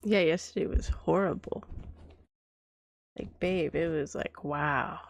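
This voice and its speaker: A woman streamer with a cold, coughing now and then, softly rambling as a caring girlfriend in a whispered role-play. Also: deep voice, slow pace. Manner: soft-spoken, rambling, trailing off. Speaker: vtuber streamer.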